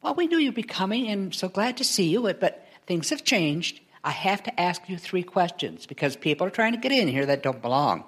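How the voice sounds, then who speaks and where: A woman doing Saint Peter, slow and husky. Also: fairly low pitch, big pitch swings. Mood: patient. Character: Saint Peter, calm old male gatekeeper.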